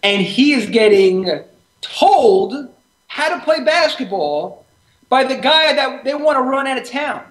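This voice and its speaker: Guy with a high voice ranting about basketball, emphatic, roomy echo. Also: expressive, measured pace, a bit bright. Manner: argumentative, gets worked up and emphatic. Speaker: co-host. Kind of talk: casual sports talk. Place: studio or room with live stream setup.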